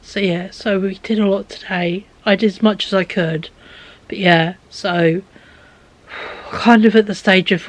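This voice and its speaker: A young woman chatting casually in a home vlog from her bedroom, tired and rambling, often dropping to a soft near-whisper. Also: fairly low pitch, fairly even intonation, moderate pace, low-quality recording. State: exhausted. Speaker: vlogger. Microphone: handheld camera.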